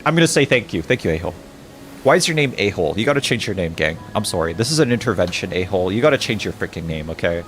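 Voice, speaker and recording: Talking fast with lively intonation and a fairly bright tone, a male game streamer reacts in frustrated outbursts, cursing and starting over when rattled, then muttering game text in a low mumble. Faint music plays behind him.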